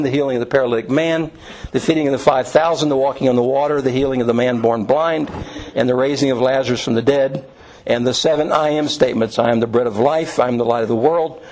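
A middle-aged man teaching an informal Bible class at a mid-range pitch. He talks conversationally, pausing on "um" and "uh" and restarting his sentences as he explains. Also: darkish tone, low-quality recording. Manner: conversational, with many fillers and restarts.

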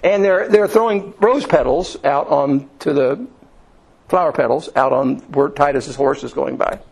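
A man from Indiana preaching a sermon in a folksy, storytelling way, often restarting and filling pauses. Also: a little high, vocal fry, a little mellow, husky, low-quality recording. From Indiana, USA.

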